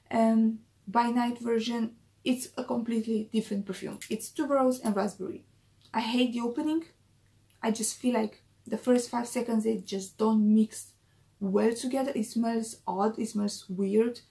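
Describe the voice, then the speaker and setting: Chatty woman with a gravelly, mellow voice. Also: on the high side. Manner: chatty, repeats key phrases for emphasis. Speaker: perfume reviewer. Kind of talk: casual perfume review vlog.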